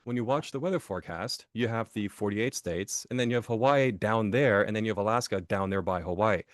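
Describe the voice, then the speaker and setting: A man's voice: fairly low pitch, fairly quick, dry recording, studio quality. A man from Germany, a podcast guest and author, telling stories in a casual interview, often restarting phrases and checking in with "right?".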